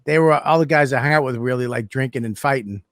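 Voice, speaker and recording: A man's voice: mid-range voice, fast, no room sound, clean studio sound. A man on a casual comedy podcast, telling crude stories and laughing as he goes. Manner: profane, laughing anecdote-teller. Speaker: podcast co-host.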